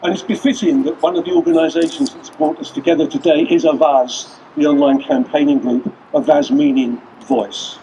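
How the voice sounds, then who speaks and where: A man's voice: on the high side, fairly even intonation, normal speed, hardly any pauses, mellow, highs cut off, a little hiss or hum. Earnest man addressing an outdoor rally. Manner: earnest, rallying, with list-like repetition. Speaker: rally speaker. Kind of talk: outdoor protest speech. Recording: distant voice with faint outdoor ambience.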